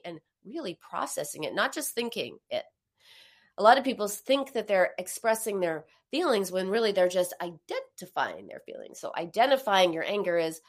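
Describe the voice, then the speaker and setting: A woman answering viewer questions in a live talk, explaining thoughtfully and restarting phrases as she searches for words. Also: moderate pace. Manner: animated, acts out inner voices with big pitch jumps.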